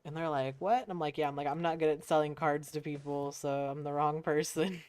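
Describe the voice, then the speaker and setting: A young American woman streams a game while casually telling stories, laughing and swearing as she imitates other people. Her voice is low, level, fairly quick, a little mellow, and clean in tone. She comes across as laid-back.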